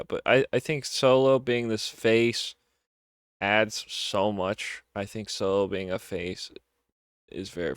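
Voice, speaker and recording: A man's voice: lowish voice, clear, resonant tone, no room sound, clean studio sound. A young man giving a casual, enthusiastic solo review of a wrestling show, often repeating words for emphasis.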